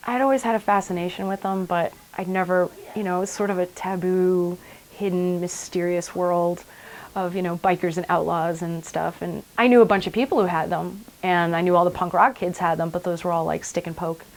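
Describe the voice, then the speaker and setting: A woman's voice: fairly low pitch, fairly even intonation, fairly quick, poor audio. A middle-aged woman, a tattoo shop owner telling her story in a documentary interview, chatty and acting out quotes.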